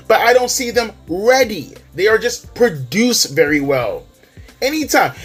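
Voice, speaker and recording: D2: A wrestling commentary vlogger ranting heatedly. The vlogger speaks emphatically and swears in almost every sentence. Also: mid-range voice.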